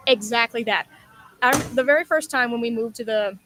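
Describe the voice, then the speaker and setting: A woman's voice: on the high side, a little fast, background noise. A woman chatting as a guest, in a chatty, self-deprecating way. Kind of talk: casual chat.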